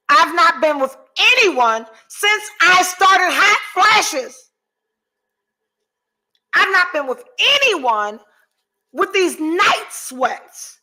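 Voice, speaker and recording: A woman's voice: extremely high pitch, expressive, slow, long pauses, bright, forceful tone, poor audio. A woman in her forties hosting a podcast, chatting candidly and with lots of profanity, swinging theatrically between mock despair and laughter as she reads out viewer comments. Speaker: podcast host.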